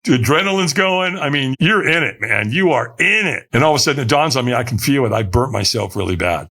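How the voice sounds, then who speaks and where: Lively, bright-voiced man telling a story. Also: medium pitch, quick pace. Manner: acts out quoted voices, shouting some lines. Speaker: podcast guest. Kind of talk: animated storytelling in conversation.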